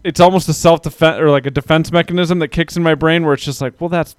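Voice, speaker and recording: A man's voice: fairly high pitch, fairly even intonation, fast talker, clear, resonant tone, no room sound, studio quality. A man hosting a casual podcast chat, talking loosely and reading out listener comments. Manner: chatty, self-deprecating, reads out listener comments. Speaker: podcast host.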